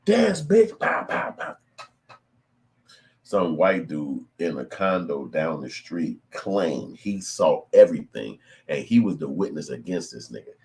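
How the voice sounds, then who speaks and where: Low voiced middle aged guy, cussing, telling stories casual. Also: unhurried, vocal fry, few pauses. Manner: profane, animated storytelling. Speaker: channel host. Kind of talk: casual commentary.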